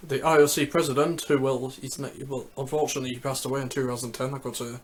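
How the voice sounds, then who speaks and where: Talking fast with a flat delivery and medium pitch, a man comments on an Olympic Games ranking list in a casual vlog. He hesitates, repeats himself, and leans on "so yep" as he hunts for his next words.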